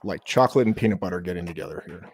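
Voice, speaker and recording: Low-voiced man, dry close sound. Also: rapid-fire, slightly rough, dry recording. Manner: offhand and self-deprecating. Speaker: co-host reading news. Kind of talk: live market commentary.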